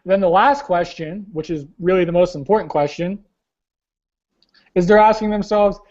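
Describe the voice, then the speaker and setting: Blunt high-voiced young man coaching. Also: moderate pace, pauses often, darkish tone, highs cut off. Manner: blunt, casual, slangy, keeps saying "guys". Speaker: team leader hosting a weekly call. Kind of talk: motivational coaching talk. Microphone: webinar call.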